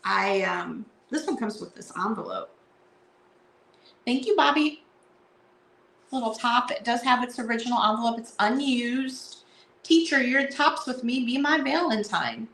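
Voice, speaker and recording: Woman host, casual live-sale chatter, unhurried, playful verse reading, echoey room. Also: on the high side, vocal fry, a bit bright. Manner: chatty, reads card verses aloud in a playful sing-song. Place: indoor room at home.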